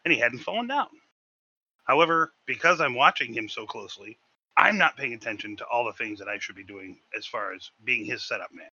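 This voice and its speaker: A man tells a story on a casual podcast, his voice bright and forceful and lively in pitch. He swears freely and talks with animated energy. The sound is dry and a little dull. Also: fairly quick, slightly rough, no room sound. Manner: animated, swearing, acts out shouted quotes. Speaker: podcast co-host.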